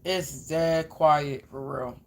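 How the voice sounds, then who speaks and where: A woman's voice: low-pitched, fairly even intonation, slow pace. Woman card reader just rambling to her viewers, swears a lot, real blunt and slangy. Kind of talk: casual rambling chat to viewers.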